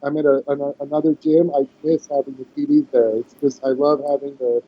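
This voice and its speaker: This podcast guest, a man in his forties, has a mid-range voice with a breathy edge and talks fairly quickly. He tells animated stories in casual conversation, acting out quotes and frequently restarting, all on a dull lo-fi recording.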